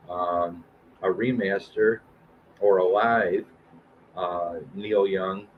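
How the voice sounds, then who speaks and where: Slow, low-voiced man hosting a music stream. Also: dull audio, a little hiss or hum. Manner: reads album blurbs aloud with fillers and restarts. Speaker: host of a live stream music show. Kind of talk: casual live-stream album rundown.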